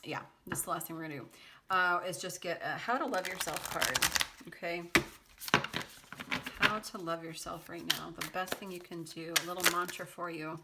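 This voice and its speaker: A woman's voice: fairly low pitch, fairly even intonation, moderate pace, heavy background noise. A woman giving a casual tarot reading to her viewers, chatty and laughing easily, with a sarcastic sense of humor and lots of loose fillers. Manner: loose speech with many fillers. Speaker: tarot card reader.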